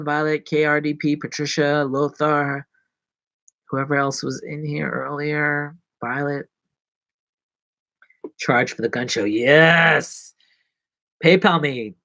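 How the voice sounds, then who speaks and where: Rambling, jokey man with a lively voice. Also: mid-range voice, no room sound. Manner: rambling, jokey, self-mocking. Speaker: live-stream host. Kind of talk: casual live-stream chat. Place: apartment in New York.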